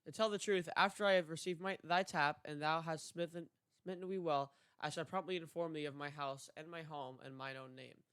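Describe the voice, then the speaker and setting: A stern giant knight speaking in old, formal English, voiced by a young man reading aloud. The tone is clear and a touch high, with a dry close sound. The reading is halting, with restarts on hard words. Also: fairly even intonation, a bit bright, dry recording, lightly acted. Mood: solemn. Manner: archaic formal speech, read with frequent stumbles.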